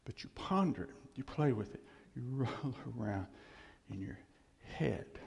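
An older man giving a casual, folksy sermon, chuckling often and teasing himself, with a gravelly voice. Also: medium pitch, lively intonation, a little slow, a little mellow, slight background noise. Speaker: preacher. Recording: reverberant hall.

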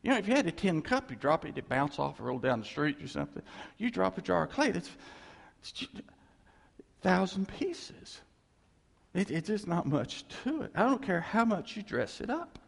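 Male preacher, lively and chatty with the congregation, husky gravelly voice, long hall reverb. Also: high-pitched, moderate pace. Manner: animated, jokey, talks straight to the congregation. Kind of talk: conversational sermon.

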